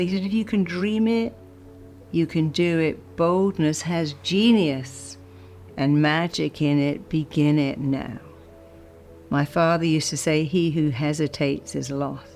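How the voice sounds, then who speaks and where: A woman hypnotherapist giving a motivational talk, guiding the listener through spoken affirmations and slowing down to stress key phrases. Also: low voice, a little mellow. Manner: emphatic, slows to stress key phrases and repeats them. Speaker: hypnotherapist and speaker.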